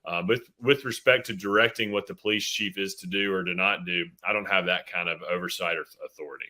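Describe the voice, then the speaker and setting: A man's voice: deep voice, steady tone, fast, sharp tone. A man in his thirties, a mayor, answering interview questions earnestly with frequent fillers and restarts. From Tennessee. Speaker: city mayor, guest.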